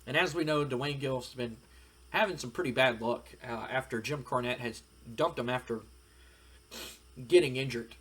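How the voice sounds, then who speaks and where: A man's voice: medium pitch, moderate pace, a bit bright, husky. A man narrating a wrestling simulation playthrough in a rambling, filler-heavy way. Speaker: game commentator. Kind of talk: let's-play narration of a wrestling sim.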